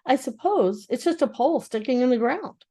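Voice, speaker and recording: A woman's voice: high-pitched, expressive, moderate pace, mellow, slightly rough, pitched above the performer's own voice, heavily acted. An older woman voicing a fussy rabbit who rambles while thinking aloud. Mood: musing. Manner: musing, rambling.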